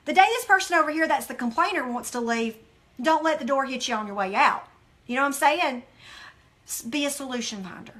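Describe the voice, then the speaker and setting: A woman's voice: sits high, animated, brisk, a bit bright. A woman hosting a devotional study, speaking earnestly and emphatically to viewers and reading scripture aloud.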